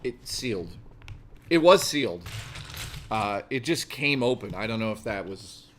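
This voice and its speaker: A man's voice: fairly low pitch, animated, a little slow, fairly bright tone, slight background noise. A man hosting a casual livestream, chatting and joking with frequent swearing while he builds a model, talking into a desk microphone. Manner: joking, profane and rambling. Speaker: livestream host.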